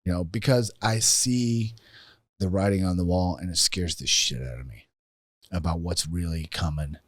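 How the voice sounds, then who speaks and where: A man's voice: deep voice, normal speed, dry recording, clean studio sound. A man guesting on a podcast, giving blunt, heated opinions in casual talk and swearing.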